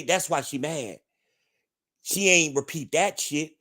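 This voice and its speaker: A man's voice: on the high side, a little slow, long pauses, sharp tone. A man from New Jersey hosting a livestream, ranting to his chat in a blunt, profane, combative way. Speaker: livestream host. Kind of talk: ranting live-chat commentary.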